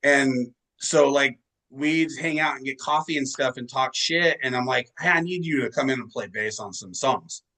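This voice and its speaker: A man's voice: mid-range voice, moderate pace, bright, forceful tone, rough recording. A male musician being interviewed, telling long rambling anecdotes in casual chat and swearing freely. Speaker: musician guest.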